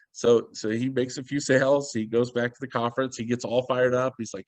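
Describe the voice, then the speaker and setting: A man's voice: medium pitch, a little fast, hardly any pauses, no room sound. A man speaking as a guest on a video call, telling a story with energy and acting out what people said. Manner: animated storyteller, acts out quoted dialogue.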